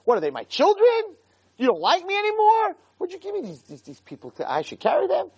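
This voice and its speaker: Brief: an anguished old leader at the end of his rope, put on by a male lecturer, pleading in high, swooping questions. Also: huge pitch swings, quick pace, dark tone, breathy edge, no room sound, dull audio, heavily acted. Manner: pleading, exasperated rhetorical questions.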